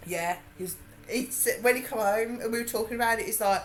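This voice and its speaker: A woman's voice: on the high side, quick pace, hardly any pauses. A woman with a Birmingham accent, chatting casually and laughing while she works on a craft during a livestream. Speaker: livestream host.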